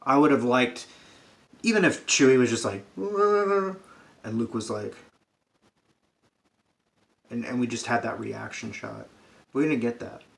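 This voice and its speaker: A man's voice: medium pitch, normal speed, vocal fry. A man giving a sarcastic, profane comedic rant about a film, acting out characters' lines as he goes. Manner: sarcastic, swears a lot, acts out characters' lines.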